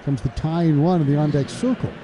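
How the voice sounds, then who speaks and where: A man calling a baseball game play-by-play, chatty and laughing between pitches. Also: fairly quick, noisy background. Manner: chatty, laughs between calls, gets loud and excited on big plays. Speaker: play-by-play announcer.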